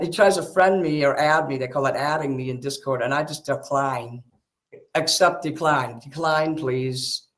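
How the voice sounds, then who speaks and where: Fired-up guy ranting, swears a ton, kinda high voice. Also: fairly bright tone. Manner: agitated, defensive, swears a lot. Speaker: streamer talking with a friend. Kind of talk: heated casual conversation.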